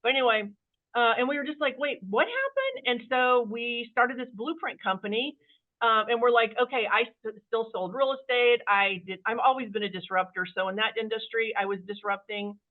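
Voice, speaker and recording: A woman company CEO telling her story as a guest in an interview, chatty and animated, acting out the voices of people she quotes. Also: a little high, moderate pace. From Kansas City area, USA. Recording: phone-like narrow-band sound.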